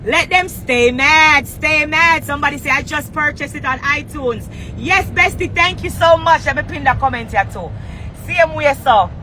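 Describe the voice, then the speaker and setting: A woman's voice: high-pitched, lively intonation, normal speed, pushed and bright, a little hiss or hum, poor audio. A woman with a Jamaican accent chatting on a livestream from a moving car, brash and hyped, trash-talking and laughing. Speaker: singer on a livestream. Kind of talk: casual livestream chat.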